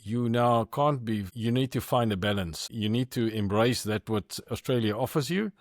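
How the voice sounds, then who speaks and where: A man's voice: medium pitch, normal speed, no echo, clean studio sound. A man hosting a podcast interview over a video call, asking searching, rephrased questions. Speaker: podcast host.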